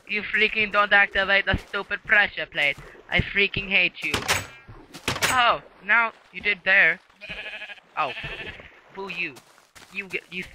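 A man's voice: sits high, bright, forceful tone, a little hiss or hum, rough recording. A man giving rambling casual commentary while playing a game, chatting to creatures and swearing mildly under his breath. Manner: rambling, talks to game creatures, mild self-censored cursing. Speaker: gameplay video maker.

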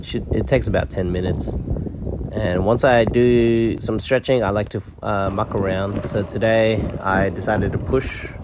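Low-voiced hesitant male vlogger. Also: steady tone, measured pace, noisy background. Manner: hesitant, many fillers and restarts. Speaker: skateboarding vlogger. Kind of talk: casual voice-over commentary.

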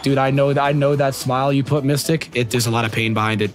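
A man streams a game and chats casually with viewers, using slangy, profane language and laughing often. He speaks fast in a steady, medium-pitched voice over soft background music.

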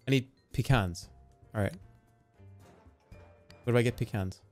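A man streaming a game live, giving excitable, profane, self-mocking commentary as he plays. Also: mid-range voice, unhurried, soft background music.

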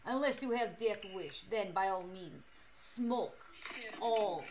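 A woman putting on a joking as a deadpan, mock-solemn woman. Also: mid-range voice, slow pace, a crowd in the background. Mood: mock-stern. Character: mock-stern Russian woman, vodka-loving.

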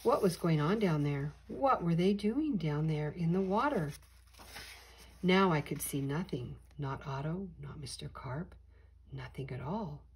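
An older woman reading a children's storybook aloud in an expressive, animated way. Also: low voice, measured pace, husky, poor audio.

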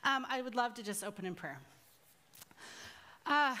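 High, bright woman teaching Bible study. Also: normal speed, long pauses. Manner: lively, self-deprecating storytelling with laughs. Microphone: microphone through a speaker system.

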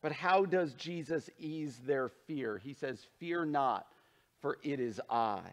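A man preaching a sermon as pastor, earnest and emphatic, dropping low and soft when he turns to scripture. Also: slow.

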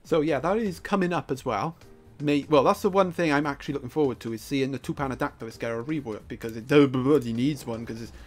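A gameplay commentator, joking and excitable, breaking into playful sing-song asides as they play. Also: medium pitch, fast, faint music behind.

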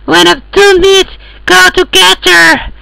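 A performer voicing a rambling, crude oddball who talks in broken English, repeating words and clearing their throat. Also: extremely high pitch, little pitch movement, takes it slowly, sharp tone, no room sound, full character voice, rough recording.

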